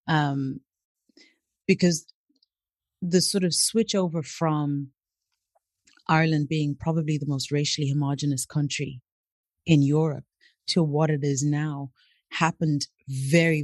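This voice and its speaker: Her low voice comes through a dry recording as this woman, late thirties and originally from Africa, tells stories from her own life as an interview guest. She's animated, slipping into the voices of the people in each tale.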